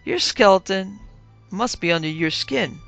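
A woman's voice: mid-range voice, animated, a little slow, creaky, fairly bright tone, soft background music, pitched above the performer's own voice. A woman voicing a big, suspicious traffic cop who growls and blusters. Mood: accusing.

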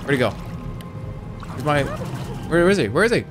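A man streaming a video game with goofy, excitable running commentary and sudden yelps. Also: fairly high pitch, measured pace, over music. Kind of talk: live gameplay commentary.

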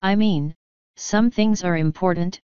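A woman reads out a puffed-up, sneering watch captain full of bluster, pitched a touch low. Her tone is silky clear and the dull, muffled recording sounds close and dry. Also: a little slow, a little mellow, no room sound, close to an everyday voice. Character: pompous bullying male watch captain. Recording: dull lo-fi audio.

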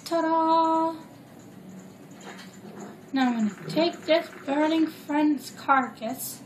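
A high-pitched woman rambles through casual let's play commentary and tosses in jokey asides, never in much of a hurry. She is recorded in an echoey room, with game music playing clearly behind her. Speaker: gameplay commentator. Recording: roomy echo with loud game music.

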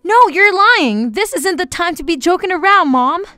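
A frantic teenage girl begs and pleads, as a woman acts her out, high in pitch with a sharp, bright edge. It sounds close and dry, with faint music underneath. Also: animated, moderate pace, no echo, full character voice. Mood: pleading. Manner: pleading, tearful. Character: desperate teenage girl begging her mother.

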